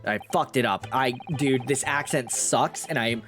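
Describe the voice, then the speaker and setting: A young man streaming a game, chatting loudly and excitably with a lot of swearing. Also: medium pitch, normal speed, hardly any pauses, soft background music. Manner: loud, profane, excitable. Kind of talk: casual game commentary.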